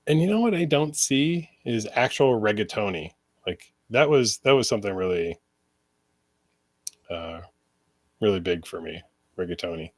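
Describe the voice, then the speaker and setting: A man co-hosting a live chat show in a relaxed, searching way, pausing on ums as he finds his words. His voice sits a little low, and the recording is dry and close, with no room sound. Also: no echo. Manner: relaxed, hesitant, full of ums, reads out viewer comments. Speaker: co-host. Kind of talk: casual chat.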